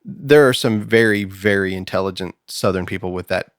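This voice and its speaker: A man's voice: deep voice, normal speed, clean tone, no room sound, studio quality. A man hosting a casual Bible discussion podcast, chatty and laughing often. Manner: chatty, laughs often, puts on a Southern drawl for jokes. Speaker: podcast host. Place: studio.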